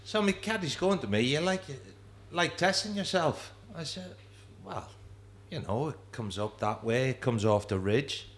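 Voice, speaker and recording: A man's voice: mid-range voice, lively intonation, normal speed. A man co-hosting a casual podcast in a rugby clubhouse bar. He speaks in an easygoing way and often gives short replies. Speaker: podcast co-host. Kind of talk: casual pub chat.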